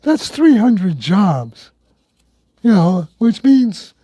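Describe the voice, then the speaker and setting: Dark-voiced male talk radio host. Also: high voice, sing-song, extremely slow, breathy edge, dry recording. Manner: conversational, wry, reads news items.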